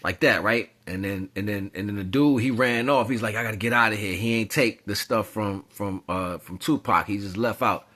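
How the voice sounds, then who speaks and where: A man giving a casual spiritual monologue, talking in loose slang and rambling off into animated storytelling. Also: fairly low pitch, normal speed, few pauses. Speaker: spiritual commentator.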